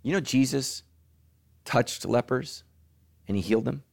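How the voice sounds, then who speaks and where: Animated preaching man, dry sound. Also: unhurried, vocal fry, no room sound. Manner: animated, jumps into high mocking voices for asides. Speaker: pastor. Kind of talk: sermon.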